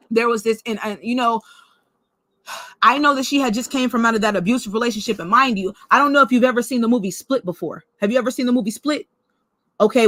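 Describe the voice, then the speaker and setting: Blunt, profane woman with a bright voice. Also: fairly high pitch, no echo. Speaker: vlogger. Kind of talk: casual personal storytelling.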